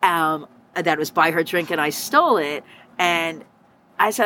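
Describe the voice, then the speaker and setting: In a storytelling interview, a woman who used to bartend tells her stories at a measured pace, animatedly acting out the people she quotes with sharp jumps in pitch. Slight background noise is audible.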